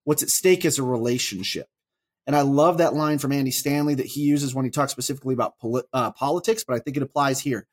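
A man's voice: mid-range voice, fast. A man in his thirties, a father, chatting on a faith podcast who tells stories with animation and often restarts his sentences. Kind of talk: casual faith podcast chat.

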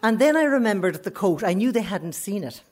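Irish woman storyteller, frank and animated, laughs through it, mid-pitched voice. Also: a little fast. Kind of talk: live storytelling to an audience.

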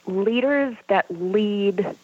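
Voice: mid-range voice, very slow, no room sound. A political guest answering interview questions in an earnest, hesitant way, often restarting sentences. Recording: dull lo-fi sound.

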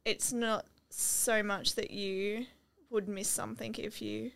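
A young woman chatting casually as a podcast co-host, eager and quick to react. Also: mid-range voice, fairly even intonation, creaky, fairly bright tone. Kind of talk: casual chat.

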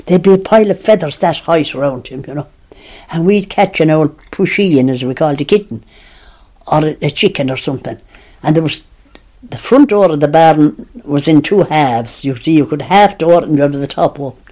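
An older woman with an Irish accent who tells childhood stories in a lively, animated way, laughing and acting out the voices of people she quotes. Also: low voice, normal speed. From Tipperary, Ireland. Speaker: interviewee. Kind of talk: lively storytelling reminiscence.

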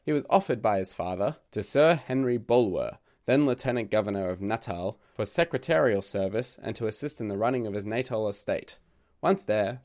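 A man with a lowish, croaky voice narrates a literature podcast. He reads from a script and breaks it up with wry asides. His voice sounds worn from a recent illness. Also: darkish tone.

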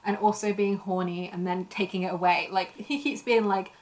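A woman's voice: mid-range voice, steady tone, a little fast, hardly any pauses, rough recording. A young woman in casual podcast chat, sarcastic and laughing often as she mocks a book's narrator.

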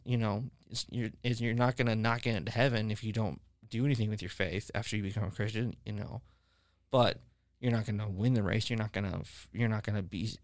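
A man with a fairly low voice hosts a casual podcast conversation about faith. He tells long, rambling stories full of fillers and restarts. The sound is dry and close. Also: no room sound. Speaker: podcast host.

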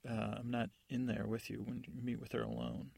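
A man playing a stern, stubborn captain of the guard in a sleep story, speaking in a gruff, curt, dismissive way. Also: medium pitch, little pitch movement, fairly quick, darkish tone, no echo. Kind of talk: sleep-story narration with character voices.

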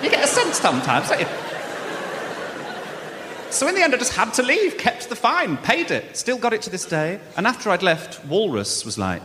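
Male stand-up comic, animated, live venue reverb, crowd noise. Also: high-pitched, moderate pace. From English Midlands. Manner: animated storytelling, laughs into lines. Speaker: stand-up comedian. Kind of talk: stand-up comedy routine.

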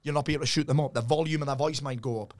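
Fast-talking man in his forties. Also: fairly high pitch, dry recording. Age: 40s. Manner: swearing, animated storytelling with quoted voices. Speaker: mindset coach guest. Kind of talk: casual podcast chat.

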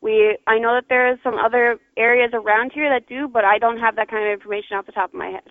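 A woman's voice: a little high, fairly even intonation, fast, no room sound. A woman working as a gas station clerk, answering a call in a patient, plain and slightly hesitant way. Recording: dry phone line.

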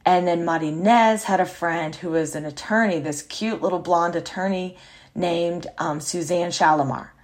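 Chatty woman telling stories. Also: fairly low pitch. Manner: chatty, self-mocking, quick asides. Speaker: podcast host. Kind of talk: casual storytelling monologue.

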